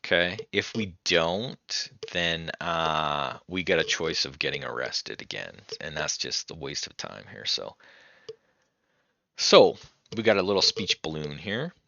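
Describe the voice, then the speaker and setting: A man hosting a retro game let's play, chatting casually and reading the on-screen text aloud as he thinks out loud. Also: rumbling low, expressive, measured pace, gravelly, no echo, muffled recording. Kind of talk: casual gameplay commentary.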